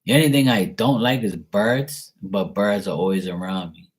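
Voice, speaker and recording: A man's voice: on the low side, expressive, normal speed, breathy edge. A man, a tarot reader, chatting casually and candidly with his live-stream viewers in a rambling, laid-back way.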